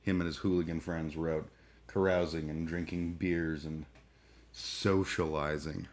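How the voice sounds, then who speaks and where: A man's voice: extremely low pitch, fairly even intonation, unhurried, darkish tone. A man chatting casually on a live stream, rambling and irreverent, full of fillers and restarts. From Canada. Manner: irreverent, joking.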